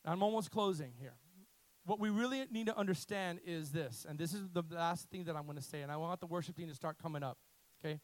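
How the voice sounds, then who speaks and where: A man preaching a sermon as pastor, leading his congregation in call-and-response and climbing to loud, emphatic peaks. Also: a little high, quick pace. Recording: echoey hall with faint music.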